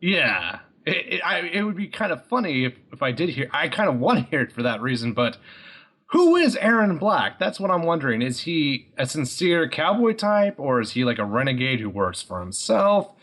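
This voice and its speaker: A man's voice: a little high, very animated, normal speed, fairly bright tone. A man co-hosting a casual podcast chat, musing aloud and stammering as he works through his thoughts. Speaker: podcast co-host.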